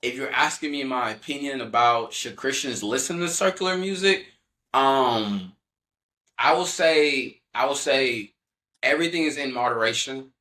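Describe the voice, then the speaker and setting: A man's voice: medium pitch, moderate pace, bright, forceful tone. A young man telling his faith testimony as a podcast guest in an earnest, loose way, full of casual fillers. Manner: earnest, loose, heavy on "you know" fillers.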